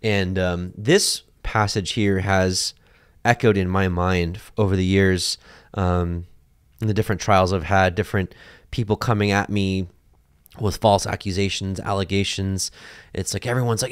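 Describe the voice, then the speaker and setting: Animated man teaching scripture casually. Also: low voice, normal speed, clear, resonant tone, no room sound, clean studio sound. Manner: animated, acts out voices, many fillers.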